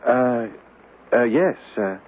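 A man's voice: medium pitch, expressive, slow. An actor playing a polite, hesitant man from Philadelphia who stammers as a dinner guest, in a 1970s radio drama. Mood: uneasy. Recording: tinny old radio broadcast with hiss.

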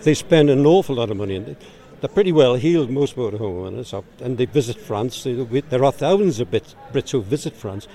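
A man's voice: medium pitch, expressive, brisk, few pauses, warm tone. A Geordie man, director of a campaign group, answering interview questions in a matter-of-fact way and explaining with figures, recorded outdoors.

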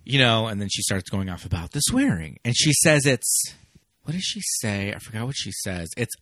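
A man co-hosting a casual film podcast who talks in an animated way, laughs often and says "like" a lot. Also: lowish voice, normal speed, dry recording, clean studio sound. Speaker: podcast co-host.

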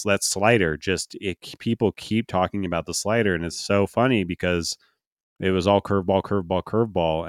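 A man's voice: low-pitched, clear, resonant tone, no echo, clean studio sound. A man co-hosting a sports podcast in casual chat, loose and joking, laughing easily. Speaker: podcast co-host.

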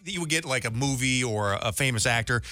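A man's voice: medium pitch, a little fast, bright, forceful tone, no room sound, soft background music. A man co-hosting a radio talk show, riffing and laughing in casual chat.

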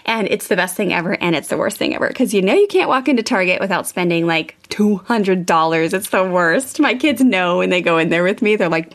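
Chatty, gravelly-voiced mom host. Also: female voice, medium pitch, a little fast, hardly any pauses. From California, US. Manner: chatty, animated storytelling with fillers. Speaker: podcast host, parenting coach. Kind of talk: casual monologue with anecdotes.

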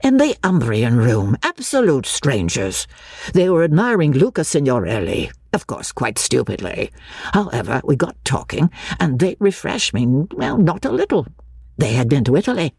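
A woman voicing a charming, teasing young English gentleman with an arch, mock-grand manner. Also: sits low, big pitch swings, moderate pace, creaky, breathy edge, no room sound, studio quality, full character voice.

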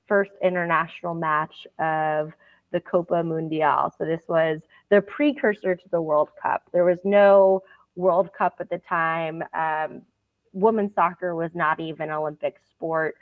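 A woman with a lowish voice, heard on a dry but tinny, phone-like line, is interviewed as the founder of a storytelling platform. She tells stories earnestly and casually, using some fillers.

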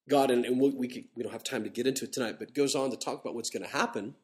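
Middle-aged male pastor, casual animated sermon delivery, mid-range voice. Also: medium pitch. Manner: animated, conversational preaching with slowed emphatic scripture reading. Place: church.

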